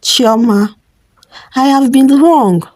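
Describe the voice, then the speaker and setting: A woman voicing a remorseful husband who apologizes slowly and quietly. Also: sits high, voice pushed up. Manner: quiet, slow and soft.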